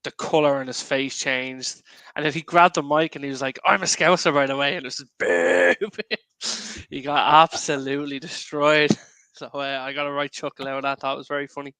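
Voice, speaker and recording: A man's voice: mid-range voice, flat delivery, brisk, pushed and bright, smooth, no room sound. A man co-hosting a fan podcast, full of jokey banter. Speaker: podcast co-host. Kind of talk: casual chat.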